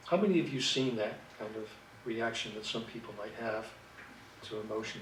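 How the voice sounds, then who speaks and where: Male workshop presenter, reflective and measured; echoey room, mic at a distance. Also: medium pitch, slight background noise. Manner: measured, reflective, with fillers and restarts. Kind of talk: lecture to clinicians.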